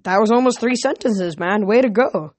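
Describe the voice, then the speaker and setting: A woman's voice: medium pitch, normal speed, darkish tone, natural voice. A woman voicing a cheeky teenage boy. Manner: cheeky, sarcastic.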